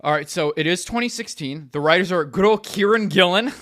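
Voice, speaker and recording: A man co-hosting a podcast in relaxed, casual conversation. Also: high-pitched, fairly quick. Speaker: podcast producer and co-host. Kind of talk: casual chat.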